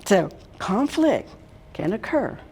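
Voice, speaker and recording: A woman's voice: medium pitch, very animated, slow, a little mellow, husky. An older woman from Washington, D.C., an HR consultant giving a workshop talk on workplace conflict in a folksy, direct way, speaking straight to the room.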